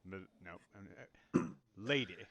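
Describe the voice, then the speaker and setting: A man's voice: mid-range voice, very animated, brisk, vocal fry, fairly bright tone. A man playing a tabletop game with a wry, joking manner. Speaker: player. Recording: dull dry recording.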